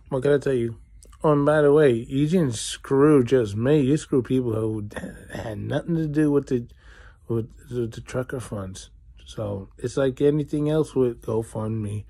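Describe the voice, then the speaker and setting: A man's voice: medium pitch, warm tone, breathy edge. A man vlogging an indignant, rambling, sarcastic rant straight to the viewer. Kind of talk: ranting to camera.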